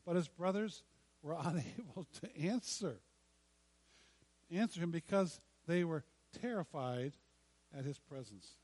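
A man preaching a sermon, telling a story dramatically with repeated lines and long pauses. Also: a little high, expressive, a little mellow, slightly rough, no room sound. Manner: dramatic, acts out quoted lines with pauses and repetition. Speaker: pastor.

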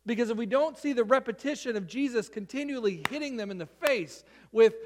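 A man's voice: very high voice, a little fast, darkish tone, slight background noise. A man preaching a sermon, reading scripture aloud and then explaining it in an earnest, emphatic way that keeps driving his main points home. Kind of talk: sermon, Bible reading and teaching.

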